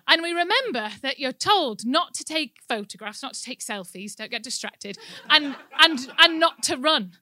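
A woman giving a church talk, telling a personal story in an animated way and laughing often. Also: high voice, moderate pace, no echo. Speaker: church speaker. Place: indoor room with an audience.

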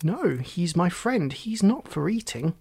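A man's voice: fairly high pitch, expressive, slow pace, a little hiss or hum, voice pushed up. A man voicing an indignant, proud young boy in a storybook reading. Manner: indignant and cross. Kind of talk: storybook character voice.

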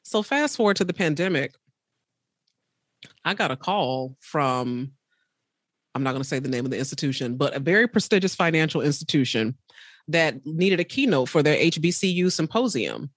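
Woman, 30s, podcaster, lively storytelling, dry close sound. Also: normal speed, dry recording. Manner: animated storyteller acting out quotes with big pitch jumps; faith-filled, calls listener baby. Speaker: podcaster and speaker. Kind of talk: casual interview storytelling.

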